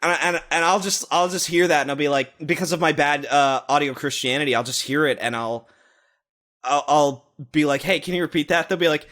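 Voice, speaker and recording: A man with a bright, forward voice, pitched a little above the usual male range. He co-hosts a comedy podcast and tells a rambling story full of swearing and laughter. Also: fairly quick. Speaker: podcast co-host. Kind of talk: casual comedic chat.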